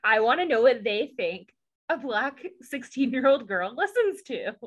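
A woman co-host chatting casually about a TV episode, her voice a little higher than most and very lively in pitch. She talks with a sarcastic, joking edge and throws in quick asides. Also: highs cut off. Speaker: podcast co-host. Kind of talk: casual recap chat.

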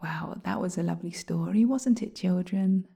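A woman reading a children's story aloud, speaking gently and softly, often slipping into a whisper. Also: on the low side, moderate pace, creaky, husky.

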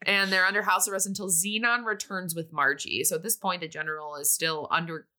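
A woman's voice: on the low side, steady tone, a little fast, pushed and bright. A woman casually recapping a movie plot in a chatty way, sometimes briefly acting out the characters' lines.

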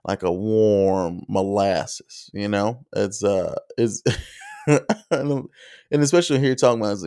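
A man's voice: on the low side, takes it slowly, mellow. A man telling a comic story in a rambling, casual way, with many fillers. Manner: rambling, lots of fillers and restarts. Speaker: comedian.

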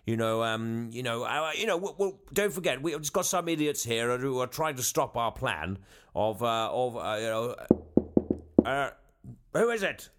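A man puts on a bumbling prime minister who blusters down the phone, stumbling over his words and padding every thought with fillers. His pitch sits mid-range, and he pushes it well up whenever he gets flustered. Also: expressive, moderate pace, natural voice. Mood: blustering. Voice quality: bumbling, rambling, full of filler. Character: blustering disgraced male prime minister, middle-aged. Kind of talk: comedy sketch phone call.

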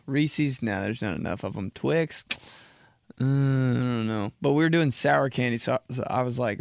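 A young man hosting a podcast, rambling through a comic story and dropping into slow, low voices when he quotes people. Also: expressive, creaky, dry recording, studio quality. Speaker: podcast host. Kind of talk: casual comedic monologue.

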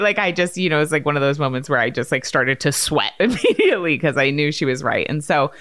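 A woman in her thirties hosting a podcast, telling a story in a lively, chatty way and acting out quotes. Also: deep voice, fairly quick, hardly any pauses, no room sound. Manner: animated storyteller, acts out quotes. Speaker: podcast host. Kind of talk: casual chat.

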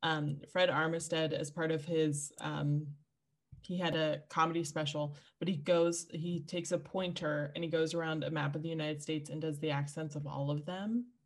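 A woman co-hosting a podcast in casual chat, talkative and animated, with quick asides. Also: deep voice. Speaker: podcast co-host.

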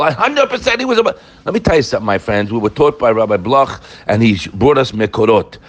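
A middle-aged man giving an animated Torah lecture, firing rhetorical questions and quoting Hebrew verses. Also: medium pitch, brisk, few pauses. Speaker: Torah teacher.

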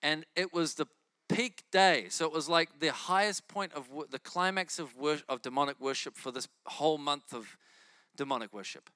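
Bright, animated man preaching a testimony. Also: fairly high pitch, moderate pace, dry recording, studio quality. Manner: animated, laughs while telling stories. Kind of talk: sermon testimony storytelling.

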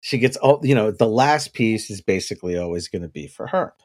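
Man telling a story with loud laughs. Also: fairly low pitch, fairly quick. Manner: animated storytelling, laughs often, swears freely. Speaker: podcast co-host. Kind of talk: casual chat.

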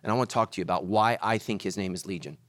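A man preaching a sermon as pastor, animated, swinging between loud emphatic lines and hushed ones. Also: low voice, very fast, no echo.

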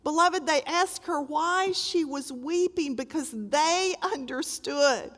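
An older woman preaching a sermon with dramatic, emphatic storytelling, moving between loud exclamations and hushed tones. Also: sits high, slow pace, hardly any pauses, big-room sound.

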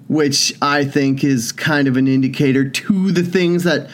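A man's voice: medium pitch, steady tone, a little slow, a little hiss or hum. A young man co-hosting a casual banter podcast, telling stories in a rambling way full of restarts and "like". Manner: rambling storyteller, restarts and likes. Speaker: podcast co-host.

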